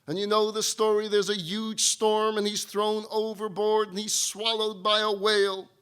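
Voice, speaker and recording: Bright-voiced rabbi telling humorous stories. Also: male voice, sits high, little pitch movement, normal speed, clear, resonant tone. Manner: humorous storytelling. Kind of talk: sermon-style talk.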